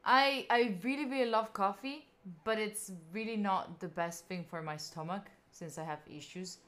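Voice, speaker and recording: A young Italian woman in her twenties, a native speaker with an Italian accent, chats casually with viewers during a study live stream. Tired and yawning, she reads and answers their messages between tangents in a mid-range, bright, forceful voice at a moderate pace.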